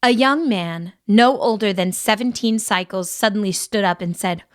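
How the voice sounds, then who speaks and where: A woman narrating a young adult fantasy audiobook in an even, measured reading. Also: medium pitch. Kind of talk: scripted narration.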